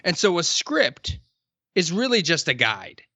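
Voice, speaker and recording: A man talking casually on a podcast, telling stories with emphatic, drawn-out stresses. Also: fairly high pitch, big pitch swings, bright, forceful tone, no room sound.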